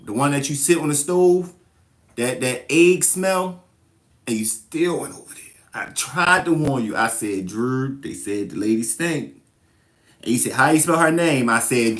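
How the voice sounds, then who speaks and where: A man's voice: fairly high pitch, a bit bright. A man hosting a casual livestream, answering viewer comments, laughing often and teasing the commenters playfully. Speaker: livestream host.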